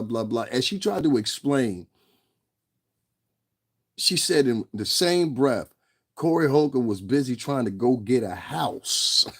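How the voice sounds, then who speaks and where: Fired-up guy in his 30s ranting, swears a lot, keeps repeating himself. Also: mid-range voice. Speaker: commentary channel host. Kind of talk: ranting commentary.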